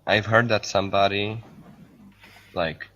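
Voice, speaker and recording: A man's voice: lowish voice, fairly even intonation, unhurried, sharp tone, lo-fi sound. A young man chatting casually with friends indoors, curious and hesitant, often restarting his sentences. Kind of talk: casual chat.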